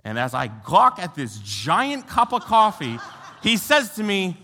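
A young youth pastor from the United States gives a conversational sermon at a measured pace, asking the room rhetorical questions. His voice is bright and a little high with big pitch swings; a long reverb from a large hall follows his words, and a bit of hiss or hum is audible.

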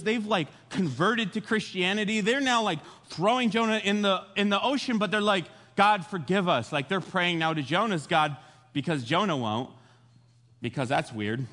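Animated young male preacher in a reverberant hall. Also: sits high, normal speed. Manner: animated storytelling, acts out voices in quotes. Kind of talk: casual sermon retelling a Bible story.

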